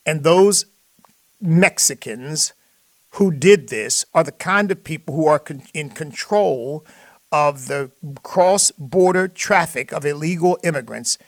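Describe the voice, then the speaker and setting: A middle-aged man holds forth on talk radio, his voice gravelly and his delivery emphatic and preacherly. He sounds close to a studio microphone in a dry, dead room. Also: on the high side, measured pace, a bit bright, no room sound. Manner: preacherly, emphatic, scripture-quoting. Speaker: radio talk show host. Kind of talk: political talk radio monologue.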